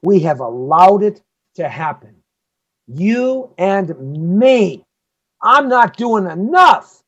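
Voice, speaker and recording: A man hosting a live show, delivering an impassioned opinion monologue that swings between loud outbursts and low muttering. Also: big pitch swings, slow pace, muffled recording. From United States.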